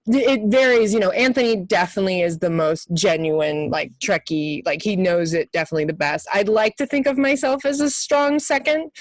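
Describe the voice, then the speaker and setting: A woman's voice: mid-range voice, no room sound. A woman in her thirties, an actress answering conference questions, articulate and enthusiastic with frequent fillers.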